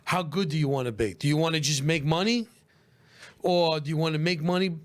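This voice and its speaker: A man's voice: fairly high pitch, a little fast. Brash Brooklyn-accented man, pizza owner. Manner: brash, streetwise, swears freely. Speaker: pizzeria owner. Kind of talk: casual chat.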